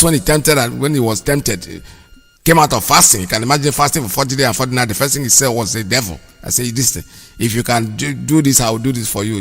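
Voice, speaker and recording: A man hosting a call-in radio show. He speaks in an impassioned, preachy way and repeats points for emphasis. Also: on the low side. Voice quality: husky. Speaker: radio host. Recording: long hall-like reverb.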